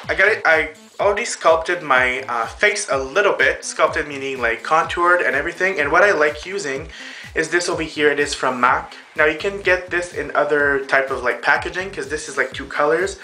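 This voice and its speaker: A man's voice: a little high, moderate pace, bright, forceful tone, faint music behind. A man hosting a casual makeup tutorial, talking the viewers through each step in a chatty way while he applies the makeup on himself. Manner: chatty, addresses viewers as girls and boys. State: out of breath.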